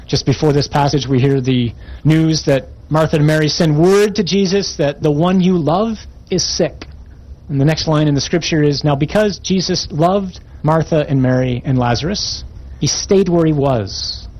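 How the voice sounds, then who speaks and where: A man's voice: a little high, normal speed, a little mellow, poor audio. A man preaching a sermon, reading scripture aloud and commenting on it with emphatic, rising intensity.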